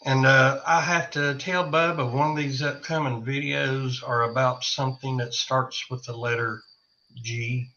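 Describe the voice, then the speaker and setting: A man speaks as a guest on a live podcast, polite and unhurried. His tone is bright and his words come slowly. The audio is dull and lo-fi, with faint noise behind him. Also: medium pitch, steady tone. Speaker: guest YouTuber. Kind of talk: casual live podcast chat.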